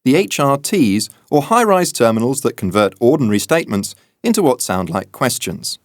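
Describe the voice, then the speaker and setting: A man narrating a magazine audio feature in a measured, wry scripted manner. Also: mid-range voice, very animated, no echo, clean studio sound.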